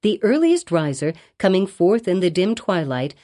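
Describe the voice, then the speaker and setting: A woman reading a classic novel aloud as an audiobook narrator, in measured, expressive storytelling. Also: fairly low pitch.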